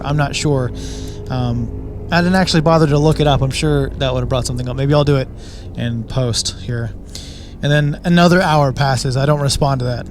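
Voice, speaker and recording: Male host, casual storyteller; hesitant delivery, fillers, slightly high-pitched. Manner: hesitant, lots of uh, chuckles at himself. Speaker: channel host.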